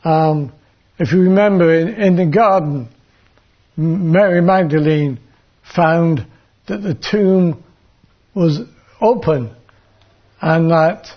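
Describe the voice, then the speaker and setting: A man reads from the Bible while preaching a sermon, keeping a measured pace but occasionally stumbling and repeating words. His pitch is fairly high, and the recording has its highs cut off.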